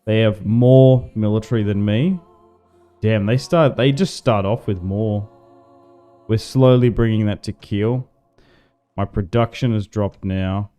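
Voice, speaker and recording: An Australian man casually commentating a strategy game on a livestream, relaxed and chatty, swearing now and then. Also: on the low side, a little slow, soft background music. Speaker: gaming livestreamer.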